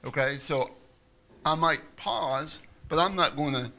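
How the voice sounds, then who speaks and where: A man in a workshop audience, deliberately asking about reading dialogue. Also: a little high, pushed and bright. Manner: deliberate, questioning. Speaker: workshop participant. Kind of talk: asking a question in class.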